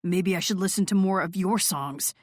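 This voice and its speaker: A woman voicing a brooding, sarcastic male rock star with a gruff, scoffing manner in an audiobook. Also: on the low side, moderate pace, no echo, studio quality, lightly acted. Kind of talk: audiobook character voice.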